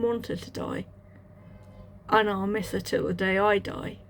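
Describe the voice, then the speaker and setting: A woman tells her personal testimony, her voice slightly gravelly with vocal fry. She speaks in a halting, reflective way, circling back and restarting her phrases. Her pitch sits in an ordinary middle range for a woman. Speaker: channel host sharing a testimony.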